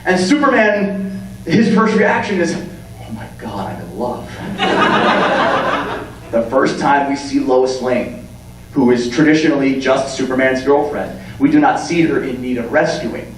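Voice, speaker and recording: A man in his thirties giving a comic, animated talk on writing as a convention panelist, acting out scenes as he goes. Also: mid-range voice, normal speed. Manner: animated, jokey, acts out scenes. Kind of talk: comedic lecture. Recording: echoey hall, distant mic, hum.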